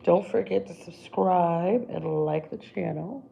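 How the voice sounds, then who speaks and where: A woman's voice: lowish voice, measured pace, vocal fry, mellow, slight background noise. A woman hosting a casual makeup livestream, chatting to viewers as she works on her brows. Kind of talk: casual live makeup chat.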